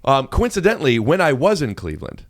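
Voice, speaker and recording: Playful, animated young man hosting. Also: a little high, fast talker, no room sound, clean studio sound. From Ohio. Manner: playful, jokey, teasing. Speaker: podcast host. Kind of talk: casual podcast conversation. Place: podcast studio.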